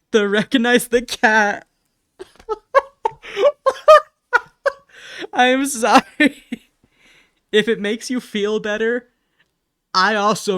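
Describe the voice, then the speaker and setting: A man's voice: fairly high pitch, sharp tone, smooth, no room sound, studio quality. Giggly young man streaming while drawing. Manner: laughing often, self-mocking apologies. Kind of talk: casual live-stream chat while drawing.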